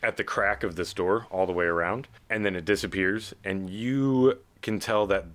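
Bright-voiced man running a tabletop game. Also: deep voice, normal speed. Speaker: game master.

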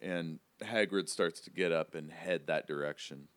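A man narrating as game master in a tabletop game, relaxed and casual with many fillers. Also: low voice, a little slow, clean tone, no echo.

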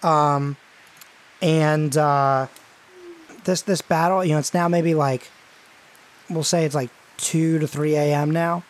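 A man narrating as game master of a tabletop game, casual and halting with many fillers. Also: a little high, steady tone.

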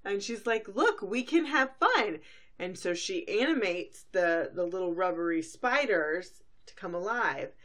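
A woman's voice: mid-range voice, lively intonation, unhurried, a bit bright. A woman hosting a podcast, casually recapping a cartoon episode in a chatty way, with many fillers and brief acted-out quotes. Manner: chatty, full of fillers, briefly acts out characters. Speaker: podcast host.

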